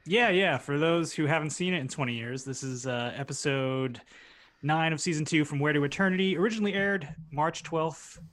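A man's voice: on the high side, normal speed, a bit bright. A man co-hosting a podcast over a video call, recapping an episode in a dry, matter-of-fact way. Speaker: podcast co-host. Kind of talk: casual chat, recapping an episode.

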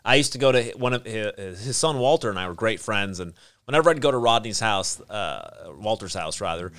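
Guy rambling on a podcast, clear smooth voice, lots of ums. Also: on the low side, lively intonation, a little fast, a bit bright. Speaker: podcast co-host. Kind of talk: casual chat.

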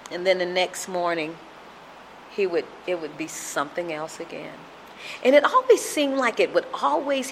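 A woman in her fifties from Compton giving an emotional, halting recovery testimony, often repeating herself. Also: lowish voice, fairly bright tone, slight background noise. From Compton, California. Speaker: speaker sharing at a recovery fellowship.

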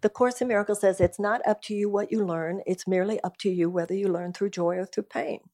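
A woman speaking as a guest at a live event, talking about spiritual life in an earnest, animated, emphatic way. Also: mid-range voice, quick pace. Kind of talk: conversational talk at a live event.

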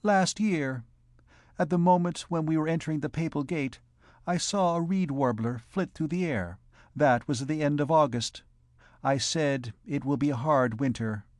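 A man's voice: a little high, dry recording, clean studio sound, close to an everyday voice. A man voicing a guarded young gypsy girl who answers tersely, in a storybook reading. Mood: wistful. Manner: terse, evasive replies; soft, slow singing.

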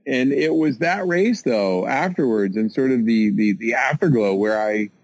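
American guy, mid-pitch voice, dry sound, rambling self-deprecating storyteller in an interview. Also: moderate pace, no room sound, poor audio. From United States. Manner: animated, self-mocking, many fillers and restarts.

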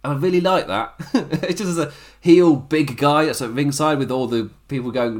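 A man's voice: medium pitch, normal speed. A man giving a casual solo review of a wrestling show, chatty and loose, laughing often between points.

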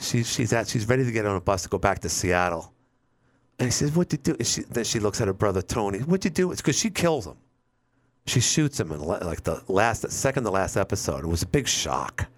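A man hosting a call-in radio talk show, rambling and animated as he acts out lines from shows. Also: fairly low pitch, fairly quick.

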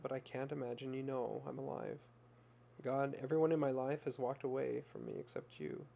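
A man's voice: medium pitch, creaky, dark tone, slight background noise, close to an everyday voice. A man reading a broken, despairing young mother. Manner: confessional, raw, plain-spoken.

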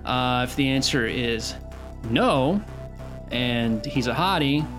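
A man's voice: mid-range voice, animated, slow. Male podcast co-host, loose and profane, joking banter, faint music underneath.

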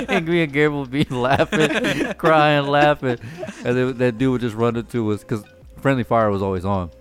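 A man's voice: medium pitch, fairly quick, faint music behind. A man telling profane stories in casual chat with friends, laughing often. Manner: profane, laughing, animated storyteller.

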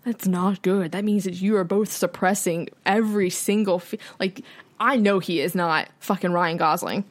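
A woman's voice: fairly low pitch, fairly even intonation, moderate pace. A woman co-hosting a podcast in casual chat, talking candidly and with feeling, swearing freely. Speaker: podcast co-host.

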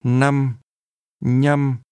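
Male native-speaker model, mid-pitched, careful crisp diction, dry studio sound. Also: little pitch movement, drawn-out words, a little mellow, dry recording. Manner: careful, clear enunciation. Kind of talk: modelling phrases for repetition.

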